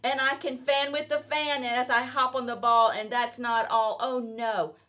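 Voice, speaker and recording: A woman's voice: on the high side, level tone, normal speed, sharp tone, voice pushed up. A woman voicing a playful, show-off male cat from a children's storybook, in a sing-song, exaggerated read-aloud manner. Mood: boastful.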